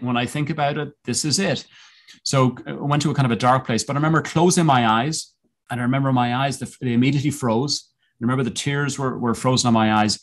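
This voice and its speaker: Podcast guest, male, mid-range voice; earnest, reflective storyteller who halts and restarts often. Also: medium pitch. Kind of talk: personal storytelling in an interview.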